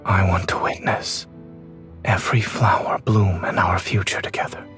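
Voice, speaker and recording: A man voicing a gentle, reserved male love interest in a video game, speaking softly and tenderly. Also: steady tone, moderate pace, soft background music. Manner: soft, low, tender.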